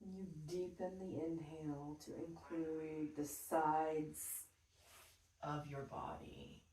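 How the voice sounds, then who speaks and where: A woman guiding a yoga class with slow, soothing breath cues. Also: sits low, flat delivery, warm tone, far from the mic. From Texas. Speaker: yoga teacher. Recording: roomy sound from off the mic.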